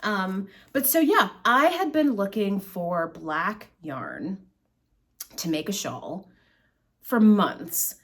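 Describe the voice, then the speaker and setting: A woman's voice: mid-range voice, sing-song, takes it slowly, husky. A middle-aged woman hosting her own podcast, chatting in a rambling, self-deprecating way as she tells stories. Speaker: podcast host. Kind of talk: casual chat. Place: at home, in front of bags of yarn.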